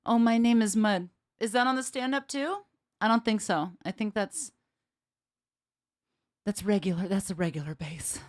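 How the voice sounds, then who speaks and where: Excitable woman bassist chatting on stream. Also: moderate pace. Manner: excitable, laughing often, mild swearing. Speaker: bassist hosting a livestream. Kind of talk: casual livestream chat with viewers.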